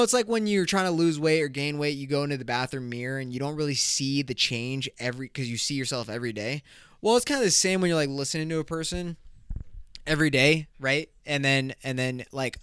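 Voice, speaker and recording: A man's voice: mid-range voice, fairly bright tone, clear, resonant tone, no room sound, clean studio sound. A young man hosting a solo podcast, telling stories in a crude, rambling way, swearing freely and laughing often. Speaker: podcast host. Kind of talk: casual solo podcast storytelling.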